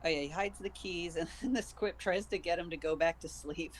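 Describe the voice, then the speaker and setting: A man's voice: a little high, a little fast, slight background noise, low-quality recording. A man streaming live, chattily retelling a book's plot in a loose, amused way. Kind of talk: casual chat recapping a book.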